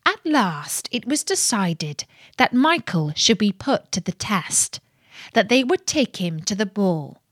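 A woman narrating a fairy tale with expressive storytelling. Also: fairly high pitch, dry recording, studio quality.

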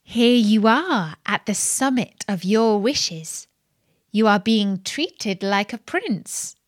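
Woman voicing a proud young princess, storybook royalty, slow delivery, dry close sound. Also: mid-range voice, expressive, no room sound. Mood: mocking. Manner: mocking. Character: proud young princess, mocking then desperate.

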